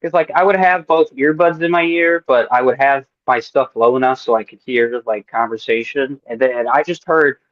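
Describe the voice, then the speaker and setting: A man co-hosting a podcast, telling stories in a casual, profane, animated way. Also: mid-range voice, normal speed, few pauses, no echo, highs cut off. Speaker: podcast co-host. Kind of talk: casual storytelling chat.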